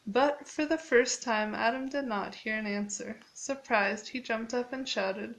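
A woman's voice: a little high, measured pace, hardly any pauses, rough recording. A woman reading a book aloud, stopping to reread phrases and add her own comments. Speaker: reader.

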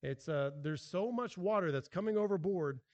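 A man preaching a sermon as pastor, animated and emphatic, with frequent restarts. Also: high voice, moderate pace, big-room sound.

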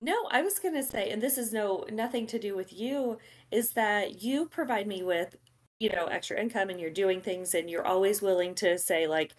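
A woman book editor chatting on a podcast, measured and dryly amused. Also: medium pitch. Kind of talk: casual chat.

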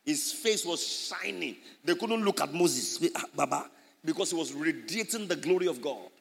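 A man preaching an animated sermon as a pastor, his voice rising loud on key points. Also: a little high, moderate pace, gravelly, in a large hall.

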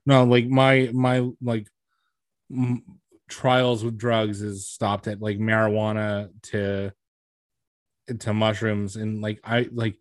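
A young man chatting casually as a podcast co-host, relaxed and profane, with many fillers. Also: fairly low pitch, takes it slowly, no echo, studio quality. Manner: laid-back, profane, filler-heavy. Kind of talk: casual chat.

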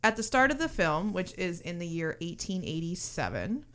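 Woman recapping a movie, lowish voice. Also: big pitch swings, normal speed, a bit bright. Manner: recaps the plot with frequent ums and likes. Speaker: podcast host. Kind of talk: casual movie-recap chat.

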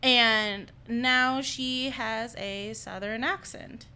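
A woman's voice: on the high side, fairly even intonation, extremely slow, sharp tone, a little hiss or hum. A young woman co-hosting a podcast, casually telling a story about a friend and acting out what people said. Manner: storytelling, quotes others in her tales. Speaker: podcast co-host. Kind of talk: casual chat.

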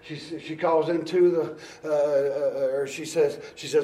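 A man preaching a sermon, moving between quiet storytelling and shouted exhortation. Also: fairly high pitch, fairly even intonation, measured pace, hardly any pauses, distant mic. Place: church. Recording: echoey church hall.

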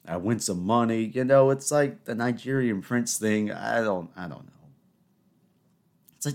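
Young guy in his twenties, lowish voice, chatty solo podcast host who rambles and pokes fun at himself, then gets worked up. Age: 20s. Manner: rambling, self-mocking, rising into exasperated rants. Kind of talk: casual solo podcast monologue.

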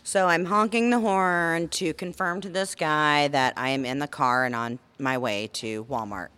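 A middle-aged woman telling a story in casual talk, blunt and full of swearing, with lively animation. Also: sits low, measured pace, clear, resonant tone. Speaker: podcast co-host.

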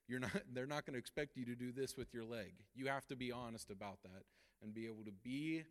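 A young man teaching a church Bible study lesson, energetic, laughing often and acting out quotes. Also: fairly low pitch.

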